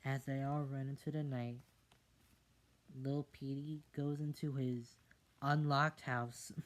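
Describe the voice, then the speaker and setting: Casual book reader, very slow, soft, whispered asides. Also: mid-range voice, little pitch movement. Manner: slow, with whispered side comments.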